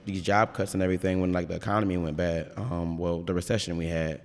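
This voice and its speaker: Deep-voiced man, casual rambling chat, frank and profane, long reverb behind his voice. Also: fairly even intonation, fast talker. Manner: rambling, frank, swears freely. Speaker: brewer. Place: brewery.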